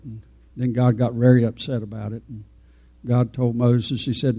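A man's voice: mid-range voice, level tone, normal speed, dark tone, husky. A man preaching an informal, folksy sermon, rambling and talking straight to his congregation.

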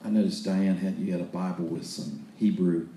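A man's voice: sits low, steady tone, normal speed, mellow, echoey room, a little hiss or hum. A man preaching a sermon in a folksy, storytelling way, often restarting his sentences.

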